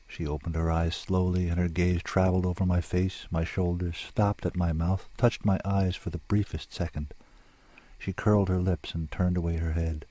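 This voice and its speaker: A man's voice: low-pitched, flat delivery, normal speed, mellow, no echo. A man reading a dramatic story aloud in an intense, lyrical, sombre manner. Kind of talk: scripted story narration.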